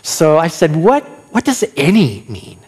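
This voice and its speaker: Pastor guy preaching, slightly high voice, lots of questions to the crowd, acts out lines. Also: measured pace, breathy edge. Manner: animated preaching, acting out quoted lines, asks the audience many questions. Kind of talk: sermon.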